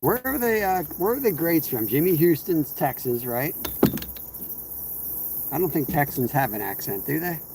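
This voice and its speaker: A man's voice: a little high, lively intonation, moderate pace, creaky. A man hosting a fishing livestream outdoors, rambling casually and answering viewers' chat as he fishes. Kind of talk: casual live-stream chat while fishing. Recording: outdoor insect and cricket noise.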